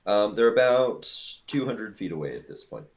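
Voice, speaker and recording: A man's voice: on the low side, animated, normal speed, darkish tone. A man narrating a tabletop game as game master in a casual, loose way. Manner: casual, filler-heavy narration.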